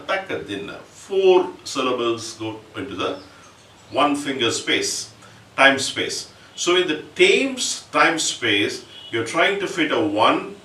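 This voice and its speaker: A man's voice: medium pitch, bright, forceful tone, slight background noise. A man teaching percussion rhythm, explaining patiently and chanting drum syllables in time. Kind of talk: instructional lesson with spoken rhythm syllables. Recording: roomy echo, voice from a distance.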